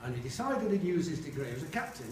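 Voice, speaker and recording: A man's voice: on the high side, sing-song, fast, distant mic. A man in his seventies from Sheffield, England, giving an after-dinner speech of funny anecdotes and acting out the people in them. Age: 70s. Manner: jokey storyteller acting out quoted voices. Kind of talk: humorous anecdotes at a reunion lunch. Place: large dining hall. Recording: echoey hall, voice picked up from afar, faint hum.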